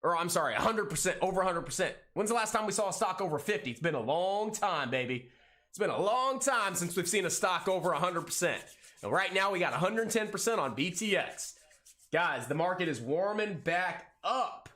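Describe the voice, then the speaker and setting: An excitable man streams live trading commentary, rattling off prices and cheering on his trades. His voice is bright and sharp with a slightly high pitch, and he hypes every move between corny jokes. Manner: excitable, hyped, jokey, calls out prices rapidly.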